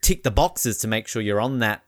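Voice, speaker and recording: A host asking questions in a relaxed, conversational way. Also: mid-range voice, normal speed, no room sound, clean studio sound. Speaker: podcast host. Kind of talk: casual interview.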